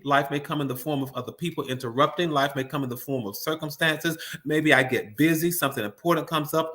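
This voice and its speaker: A man's voice: a little high, sharp tone. A man giving a live-streamed motivational talk, often repeating words as he restarts and calling his audience "you all.".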